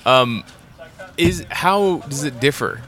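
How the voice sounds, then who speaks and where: A man hosting an interview, asking questions in a halting way with many restarts. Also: medium pitch, expressive, sharp tone, slight background noise. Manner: halting questions, frequent laughs and backchannels. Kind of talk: casual interview chat.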